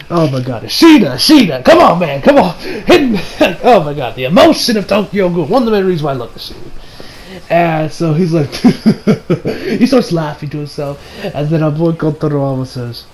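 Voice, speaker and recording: Rambling excited man recapping an anime. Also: a little high, a little fast, rough recording. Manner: rambling, full of "like" and restarts, bursts into excited laughter. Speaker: anime reviewer. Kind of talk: casual episode recap.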